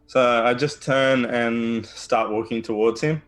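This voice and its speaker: A man playing a tabletop role-playing game, describing his character's actions calmly and plainly. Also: medium pitch, takes it slowly. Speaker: player. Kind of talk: casual tabletop play.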